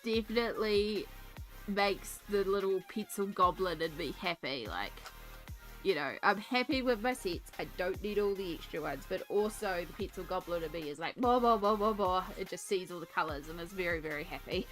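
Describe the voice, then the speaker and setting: A woman's voice: fairly low pitch, normal speed, a bit bright, faint music behind. Congested woman streamer. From Australia. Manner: chatty, reads chat names aloud, giggles often. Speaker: livestreamer. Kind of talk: casual livestream chat while colouring.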